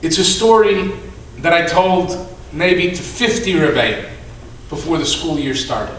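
A man preaches in a bright, high-pitched voice, telling a story slowly and acting out each character. He swings between loud outbursts and near-whispers. The sound is recorded from a distance in an echoey hall. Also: a little hiss or hum. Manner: dramatic storyteller, acting out voices, swinging from shouts to hushed tones. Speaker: rabbi. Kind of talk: sermon storytelling.

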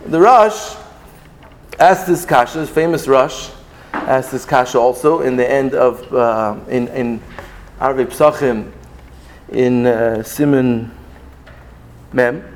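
A man teaching a Talmudic lesson, reading Hebrew texts aloud and explaining them in an animated, sing-song way with many restarts. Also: mid-range voice, slow pace, pauses often, slight background noise. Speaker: Torah teacher. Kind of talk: Talmudic lecture.

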